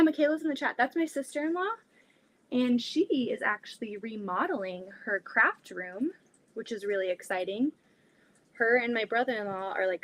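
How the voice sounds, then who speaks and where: Young woman, slightly high voice, chatty livestream host, giggly, basement sewing room. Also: low-quality recording. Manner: chatty, giggly, lots of fillers. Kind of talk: casual chat while sewing live.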